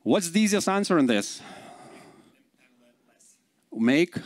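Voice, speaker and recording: A man's voice: on the high side, very animated, slow, no room sound. A man in his forties with a Lithuanian accent, giving a live conference talk, chatty and full of fillers, often quizzing the audience. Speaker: conference speaker.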